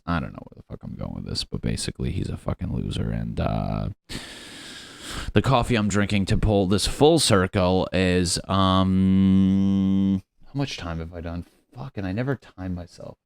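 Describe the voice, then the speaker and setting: A man's voice: sits low, a little slow, vocal fry, darkish tone, dry recording. A young man hosting a solo comedy podcast from his apartment, rambling and profane, slipping into silly quote voices. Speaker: podcast host. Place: his apartment on a lunch break.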